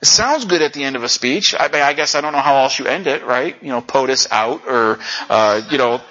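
Bright-voiced male pastor preaching casually. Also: brisk. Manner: conversational, frequent "you know", animated pitch jumps for emphasis. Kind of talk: sermon. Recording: lo-fi dull sound.

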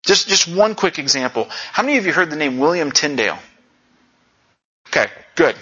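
Guy pastor giving a chatty sermon, kinda high bright voice, dull lo-fi sound. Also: brisk, husky. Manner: conversational, frequent "you know", animated pitch jumps for emphasis.

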